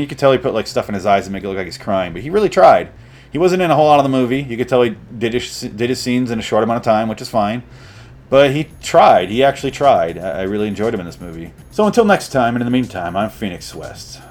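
A young man ranting through a comedic movie review, sarcastic, deadpan and full of swearing. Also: medium pitch, fairly quick.

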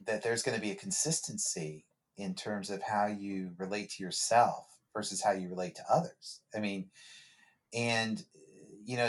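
A therapist appearing as a podcast guest talks in a reflective, conversational way. His voice has a fairly low pitch, and he often restarts and repeats words.

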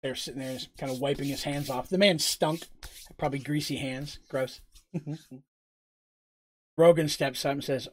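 A man's voice: mid-range voice, steady tone, normal speed, long pauses. A man narrating a tabletop game as game master, casual and rambling with fillers.

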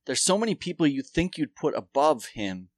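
Man, casual chat, lively swooping pitch, dry close sound, swears a lot, rambles. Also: normal speed, no room sound. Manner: profane, rambling storyteller.

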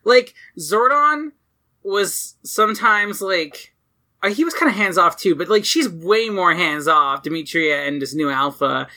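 Chatty co-host with a bright, forceful tone, loose and profane. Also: medium pitch, lively intonation, unhurried. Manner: chatty, lots of "like", swears casually. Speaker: podcast co-host. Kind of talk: casual chat.

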